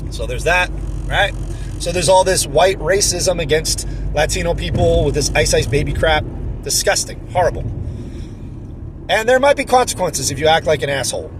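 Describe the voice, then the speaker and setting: A man with a fairly high voice speaks in an indignant, sarcastic commentary style, mocking the people he quotes. Faint traffic noise hums behind him, as if he records near a road. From New Jersey. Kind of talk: opinion commentary.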